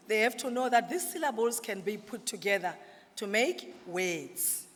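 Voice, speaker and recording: A woman leads a teacher workshop, patiently spelling out sounds and syllables and tossing questions to the room. Her voice carries a long reverb off the walls of a large hall. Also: mid-range voice. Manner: explains slowly, sounding out letters and syllables. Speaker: literacy trainer presenting to teachers. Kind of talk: workshop presentation with audience questions.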